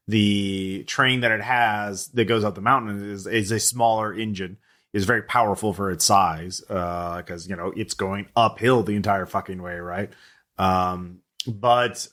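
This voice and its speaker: A man's voice: fairly low pitch, a bit bright. A man narrating as game master of a tabletop game, rambling with many fillers and restarts.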